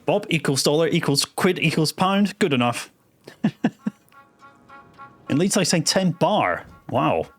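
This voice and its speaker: A man from East London streaming a game, giving wry, mock-teaching commentary. His voice sits a touch high, with faint game music behind him. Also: animated, measured pace, pauses often, husky. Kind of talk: joking gameplay commentary.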